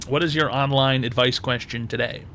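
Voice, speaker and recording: A man's voice: mid-range voice, steady tone, normal speed, bright, forceful tone, a little hiss or hum. A man hosting a call-in advice show, blunt and crude, hammering points home by repeating himself.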